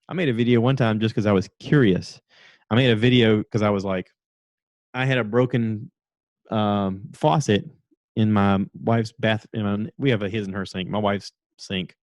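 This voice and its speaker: A man's voice: lowish voice, brisk, a little mellow, no echo, dull audio. A man hosting a podcast, chatting on his own and telling a rambling story. He acts out the lines of the people in it and laughs at himself. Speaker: podcast host. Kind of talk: casual solo podcast monologue.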